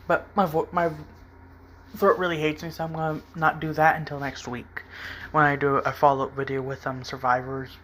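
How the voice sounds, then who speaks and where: A man's voice: fairly high pitch, little pitch movement, normal speed, bright, forceful tone, slight background noise. A man hosting a casual drawing vlog, rambling and hesitant with lots of fillers. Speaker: art channel host.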